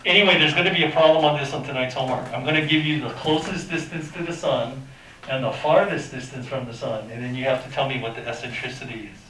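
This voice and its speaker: Speaking fast in a bright, forceful mid-range voice, a high school math teacher lectures his class informally, quizzing them and making sound effects. The far-off, echoey recording has a little hiss or hum.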